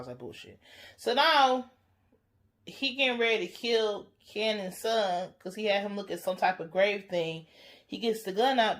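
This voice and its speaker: A woman giving a blunt, profane, animated recap of a TV episode in casual commentary. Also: on the low side. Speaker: TV reaction reviewer.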